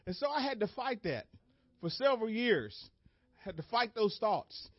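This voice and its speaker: A man preaching a sermon as an animated story, acting out moments with sudden shouted cries and laughing along. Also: high voice, moderate pace, dry recording. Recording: dull lo-fi dry recording.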